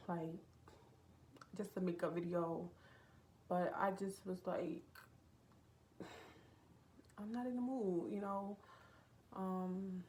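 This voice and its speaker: Speaking from a relative's home, a young adult woman with a low, darkish voice shares a casual confessional vlog. Her talk is heartfelt and meandering, packed with fillers.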